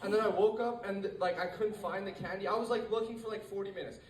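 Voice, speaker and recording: A man's voice: sits high, fairly even intonation, quick pace, slight background noise. A teenage man doing a rambling stand-up set, full of fillers and restarts, to a live room. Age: teens. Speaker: stand-up comedian. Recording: echoey room, mic far off.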